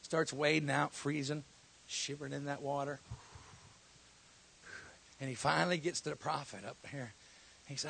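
A man preaching a sermon, telling a story and then building to loud, shouted exhortation before a church congregation. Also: mid-range voice, moderate pace, vocal fry, pauses often, slight background noise. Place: church hall.

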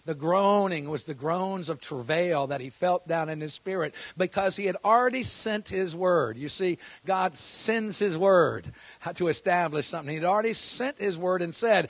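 A pastor preaching in a fairly high voice. He talks from quiet, joking asides up to loud, emphatic preaching and hammers phrases by repeating them. The recording is close and dry. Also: moderate pace, no echo. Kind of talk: sermon.

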